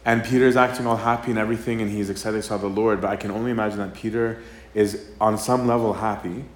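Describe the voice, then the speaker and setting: Low-voiced priest giving a chatty talk in an echoey room. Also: male voice, fairly even intonation, fast talker. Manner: conversational, acts out quoted dialogue, frequent "right?". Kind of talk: casual sermon talk. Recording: roomy live talk with faint ambience.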